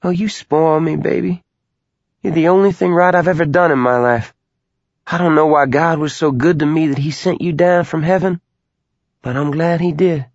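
A man's voice: a little high, steady tone, moderate pace, a little mellow, no room sound, lo-fi sound, voice pushed up. A man voicing a doting, loving mother who gushes tenderly over her son. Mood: adoring. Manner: tender, adoring, gushing.

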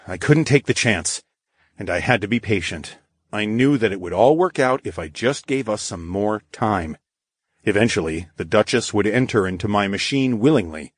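A man giving expressive first-person narration of a story. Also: lowish voice, slightly rough, no room sound, studio quality. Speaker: audiobook narrator.

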